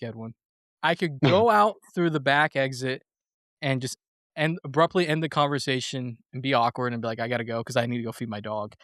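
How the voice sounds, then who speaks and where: A man's voice: a little high, a bit bright, no room sound, clean studio sound. A man hosting a movie podcast, telling a story in casual chat with swearing and laughter. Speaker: podcast host.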